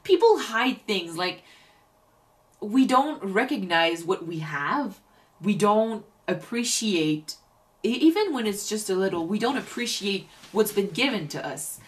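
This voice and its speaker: A woman's voice: medium pitch, expressive, a little slow. Woman co-host, casual reaction chat, reflective, restarts often. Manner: thoughtful, restarts sentences often.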